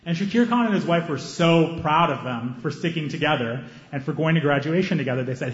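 A man performing a stand-up set on stage with a handheld mic, animated and acting out scenes, breaking into high excited yelps. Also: fairly quick. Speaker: stand-up comedian. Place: comedy stage before a live audience. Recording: roomy, slightly dull live recording.

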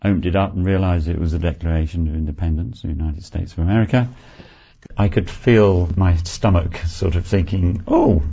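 A man's voice: low voice, steady tone, fairly quick, gravelly, warm tone, breathy edge, highs cut off. A man volunteer telling in an interview, in a plain and modest way, how he came across a document. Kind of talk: interview recollection.

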